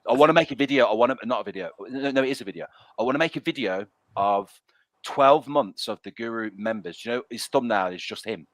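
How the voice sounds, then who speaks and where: A man's voice: mid-range voice, expressive, fast, a bit bright, no echo. A man hosting a casual live stream, talking bluntly with mild swearing and reading out chat messages. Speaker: stream host.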